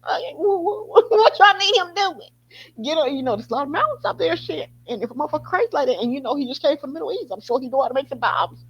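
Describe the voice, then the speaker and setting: A woman podcast host gives casual commentary in a high, expressive voice at a very fast clip, cursing freely and laughing often. The recording has a dull, lo-fi sound.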